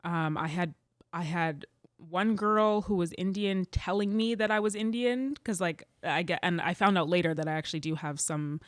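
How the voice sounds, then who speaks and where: A woman's voice: fairly low pitch, normal speed, no room sound, clean studio sound. A young woman from Canada, a musician guest, telling stories animatedly with many "like"s and frequent laughs. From Edmonton, Canada. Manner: animated storyteller, laughs often, lots of "like". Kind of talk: casual interview chat.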